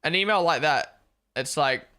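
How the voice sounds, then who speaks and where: Chatty streamer with an Aussie-Kiwi accent. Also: male voice, fairly high pitch, normal speed, bright, forceful tone. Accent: Australian-New Zealand blend. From born in Australia, raised in New Zealand. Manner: chatty, swears casually, reacts to chat. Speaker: streamer hosting a race watch-along. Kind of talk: casual live-stream chat.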